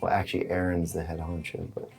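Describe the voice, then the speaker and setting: A man speaks in a relaxed, matter-of-fact way in a documentary interview. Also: deep voice, quick pace, gravelly, slight background noise.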